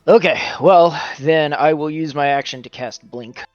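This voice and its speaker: A man's voice: fairly high pitch, measured pace, no room sound, muffled recording, soft background music. A man playing a tabletop game, hesitant and full of fillers. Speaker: player. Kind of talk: casual tabletop play.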